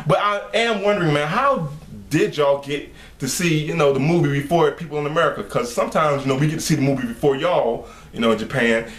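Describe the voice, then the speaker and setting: A man's voice: on the high side, brisk. A young man talks loosely to his viewers, trailing off and restarting. He laughs between thoughts and keeps it easygoing. His voice echoes in a bare room. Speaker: video creator. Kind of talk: casual vlog talk.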